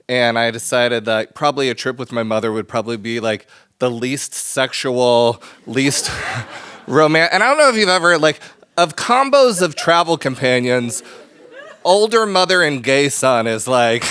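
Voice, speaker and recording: A man's voice: medium pitch, a bit bright, clear, resonant tone. A man telling a personal story on stage, chatty and self-deprecating, often breaking into laughter and full of fillers. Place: stage before a live audience.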